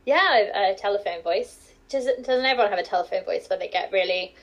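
A woman's voice: mid-range voice, fairly quick, low-quality recording. Chatty English woman. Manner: chatty, laughs often, trails off with fillers. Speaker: podcast guest. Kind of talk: casual chat.

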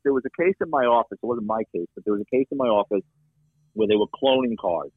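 A man telling a story from his police work in a casual chat, animated and profane, acting out the people he met. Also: mid-range voice, fast talker, breathy edge, dry recording, narrow, tinny audio. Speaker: guest, former police detective.

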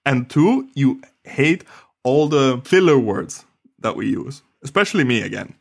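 Casting note: male podcast co-host, casual chat, animated delivery, quick laughs, pitch spikes when excited. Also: gravelly, slightly rough.

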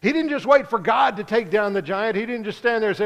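High-voiced man preaching in a reverberant hall. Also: fast, few pauses, a bit bright, highs cut off. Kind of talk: sermon.

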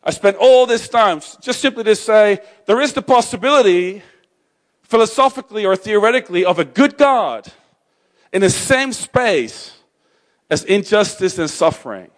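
A man's voice: high voice, animated, moderate pace. Chatty man giving a faith talk. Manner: conversational, self-interrupting, joking asides.

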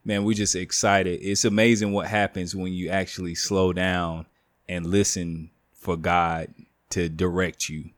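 A man in his late thirties hosts a casual podcast, easygoing and quick to joke. His voice sits a little low and sounds close and dry, with no room around it. He talks plainly about faith and family. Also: little pitch movement, no room sound. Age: 30s. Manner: laid-back, joking, faith-minded. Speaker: podcast host. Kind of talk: casual chat.

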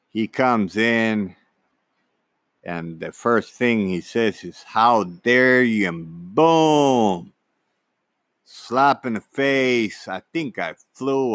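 A man telling a personal story in a halting way, often repeating words and acting out what people said. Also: fairly low pitch, a bit bright, no echo. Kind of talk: personal anecdote, casual monologue.

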